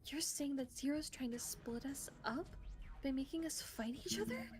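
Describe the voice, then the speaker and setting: Anxious young game heroine, lifted pitch, read aloud by a woman streamer. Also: expressive, normal speed. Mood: hushed.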